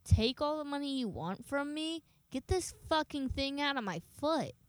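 A woman's voice: high voice, animated, moderate pace, no room sound. A young woman casually telling a story, swearing often and acting out the people she talks to. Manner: chatty, swears a lot, dramatic retelling of dialogue.

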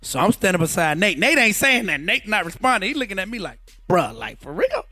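Guy telling a wild story, acts out the quotes, pretty high voice. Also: very animated, a little fast, no echo. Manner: acts out quotes, shouting and laughing. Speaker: radio personality telling a story. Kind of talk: animated storytelling.

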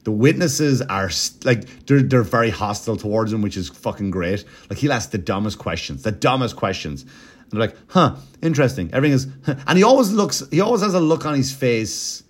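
A man's voice: medium pitch, lively intonation, brisk. A man hosting a podcast, telling a story in a rambling, profane, casual comedic way, with mocking impressions. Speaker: podcast host.

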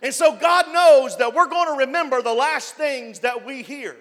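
A man preaching a sermon as pastor, building up to loud shouted passages. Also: extremely high pitch, normal speed, long reverb tail. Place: church.

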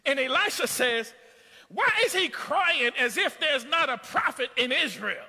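A male pastor preaching a storytelling sermon, rising into shouts. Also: very high-pitched, sing-song, measured pace, vocal fry, in a large hall.

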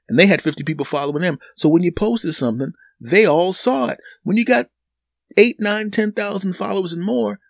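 A man's voice: high voice, creaky, no room sound, clean studio sound. A man hosting his own podcast, rambling through a comic solo monologue and acting out imagined conversations in exaggerated voices. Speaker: podcast host.

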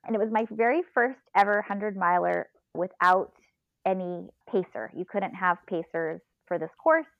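Woman telling a story, gets loud and laughy, dry muffled sound. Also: medium pitch, normal speed, vocal fry, no room sound. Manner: animated, laughing, quotes her own inner voice. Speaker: podcast guest, ultrarunner. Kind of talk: casual storytelling.

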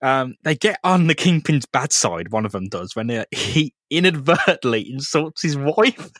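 Sweary laughing man, lively pitch. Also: normal speed, no echo, clean studio sound. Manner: sweary, laughing, acts out characters. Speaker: podcast co-host. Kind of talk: casual comic chat.

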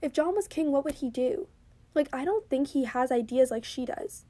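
A woman reviewing a TV episode in a casual, animated chat, swearing freely and filling her sentences with "like", while she drinks. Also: high-pitched, normal speed.

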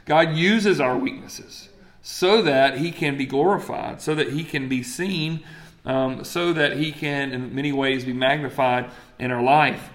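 A man's voice: medium pitch, fairly even intonation, a little slow, fairly bright tone. A man, preaching a sermon in a conversational way and asking the crowd questions. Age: 40s. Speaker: pastor.

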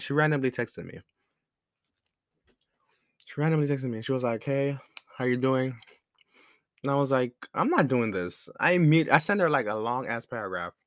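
A man's voice: medium pitch, fairly bright tone, no echo, studio quality. A young man hosting a podcast, telling a personal story in a candid, rambling way with slang and frequent restarts. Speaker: podcast host. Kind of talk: casual storytelling monologue. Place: room with a squeaky chair.

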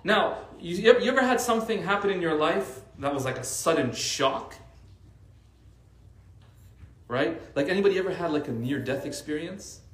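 Slightly high in pitch and fairly quick, he speaks with few pauses in a roomy-sounding space. The man, an Arabic teacher, gives an informal religious talk to a faith circle, animatedly telling stories loaded with "like."

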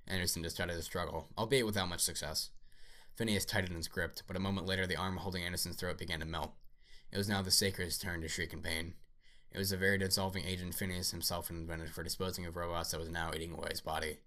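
A man reading a science fiction story aloud at a steady pace, with small slips. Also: low-pitched, fast talker. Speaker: narrator.

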